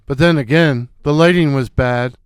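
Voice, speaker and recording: An older man narrating a comic story in a wry, unhurried way. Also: medium pitch, clean tone, no echo, clean studio sound, faint music behind. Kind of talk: scripted narration.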